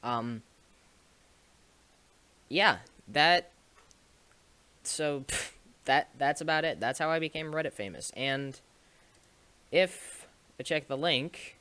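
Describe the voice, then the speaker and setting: A young man recounts a story to his viewers in an unhurried, rambling way, restarting sentences and laughing a little. His voice is bright and clean. The sound is dry and close. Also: a little high, smooth, dry recording. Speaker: streamer and video maker. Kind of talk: casual storytelling to camera.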